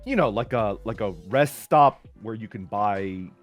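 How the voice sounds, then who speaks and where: A man's voice: on the low side, expressive, measured pace. Rambling man telling camp stories. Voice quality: rambling, full of "like" and restarts. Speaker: streamer. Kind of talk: casual storytelling. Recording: faint music underneath.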